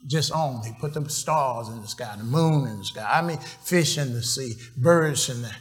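A man preaching a sermon, quizzing the congregation with questions and often restarting his phrases. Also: mid-range voice. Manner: call-and-response questions to the congregation; slow, halting, repeats and restarts phrases. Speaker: pastor.

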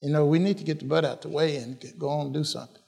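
A man's voice: on the high side, fairly even intonation, racing, creaky, dark tone, husky. A man preaching a sermon, repeating phrases and laughing as he drives points home. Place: church. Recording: long reverb of a church hall.

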